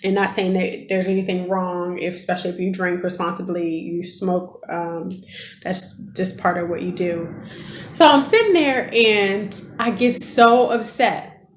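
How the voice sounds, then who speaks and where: A woman's voice: on the low side, steady tone, measured pace, slight background noise. A woman in her thirties telling a personal story in a chatty, emotional vlog, addressing her viewers directly. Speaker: vlogger. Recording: echoey room.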